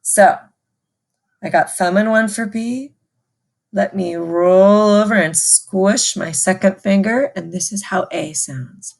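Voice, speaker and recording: A woman's voice: mid-range voice, slow, gravelly, darkish tone. A woman music teacher giving a patient, call-and-response recorder lesson to children.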